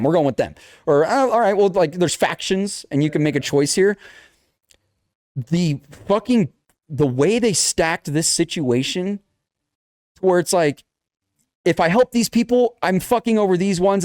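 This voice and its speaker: A man's voice: mid-range voice, dry recording, studio quality. A young man co-hosting a casual chat, telling a video game story with lots of swearing and acted-out lines. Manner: animated storytelling, acts out game characters, swears a lot. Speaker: podcast co-host.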